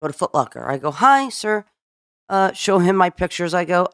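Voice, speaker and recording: A woman's voice: fairly low pitch, animated, a little fast, fairly bright tone, dry recording, clean studio sound. A middle-aged woman hosting a podcast, chatting casually and acting out other people's lines as she tells a story. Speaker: podcast host. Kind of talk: casual chat.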